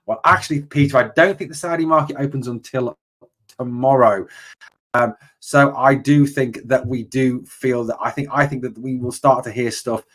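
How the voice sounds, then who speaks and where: A man's voice: medium pitch, normal speed, a bit bright. A man hosting a casual live-stream Q&A, answering viewer questions in a hesitant, opinionated way with plenty of fillers and restarts. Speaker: host of a fan channel live Q&A.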